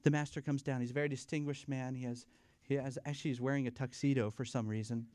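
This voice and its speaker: A man telling corny jokes and a long shaggy-dog story at a church family night, playful and self-deprecating, pausing for laughs. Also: medium pitch, steady tone, a little mellow, no echo. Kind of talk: stand-up style corny jokes. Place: church fellowship event, live.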